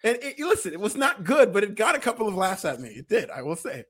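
A man with a high voice co-hosts a casual wrestling podcast. He talks in an animated way and laughs often. His tone is bright and forward. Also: fast talker, slightly rough. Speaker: podcast co-host.

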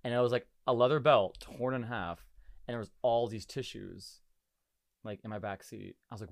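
A man's voice: medium pitch, moderate pace, vocal fry, no room sound, studio quality. A young man in his twenties hosting a podcast, chatting casually and acting out quotes as he tells stories. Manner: animated storytelling, laughing, acting out quotes. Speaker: podcast host. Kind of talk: casual chat.

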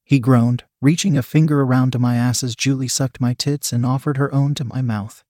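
A man reading a first-person story aloud as a steady narrator. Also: medium pitch, moderate pace, hardly any pauses, dry recording, studio quality. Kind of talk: scripted narration.

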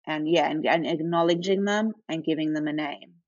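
A woman's voice: deep voice, moderate pace, no room sound. A woman guest in a casual parenting interview, earnest and explanatory. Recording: dry, dull lo-fi remote line.

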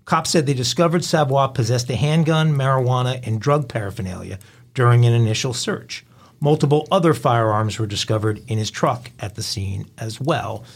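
With a mid-range voice, moderate pace and some vocal fry, a middle-aged podcast host covers crime. His delivery is wry and conversational as he alternates between storytelling and reading news headlines.

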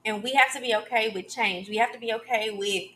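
A woman's voice: fairly high pitch, fairly quick, a bit bright. A woman in her thirties hosting a podcast, giving an emphatic, preachy solo talk and often checking in with "okay?". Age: 30s. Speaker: podcast host.

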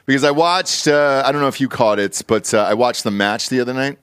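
A man's voice: medium pitch, brisk, clear, resonant tone, no echo, clean studio sound. A man hosting a casual golf betting podcast, joking and swearing as he talks. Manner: profane, joking, animated. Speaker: podcast host.

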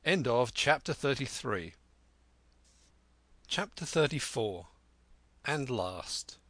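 A man narrating a classic adventure novel in a steady, clear reading voice. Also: medium pitch, slow, no room sound. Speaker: audiobook narrator. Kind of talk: scripted narration.

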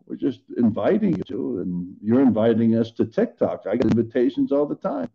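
Middle-aged guy rambling earnestly about faith, average pitch, kinda muffled lo-fi sound. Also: sing-song, moderate pace, gravelly, few pauses. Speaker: podcast co-host. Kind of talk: casual faith talk.

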